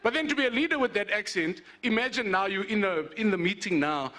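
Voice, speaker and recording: A man's voice: high-pitched, quick pace, hardly any pauses. A man from South Africa in his forties, hosting an awards event with playful stand-up comedy. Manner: animated, joking, playful asides.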